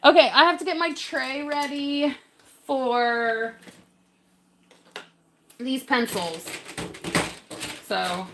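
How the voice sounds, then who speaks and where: Bubbly high-voiced woman. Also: drawn-out words, long pauses, fairly bright tone. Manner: bubbly, greets and thanks viewers; giggly. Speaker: livestream crafter. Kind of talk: casual livestream chat.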